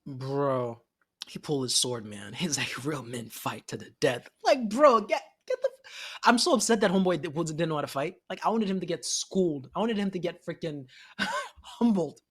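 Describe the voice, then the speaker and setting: Male podcast co-host, casual anime talk, animated, laughs a lot, acts out lines. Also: fairly high pitch, moderate pace, husky.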